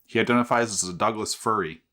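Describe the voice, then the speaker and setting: A man hosting a casual beer review vlog who tells jokes in a deadpan way and swears freely. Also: lowish voice, fast talker. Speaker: host.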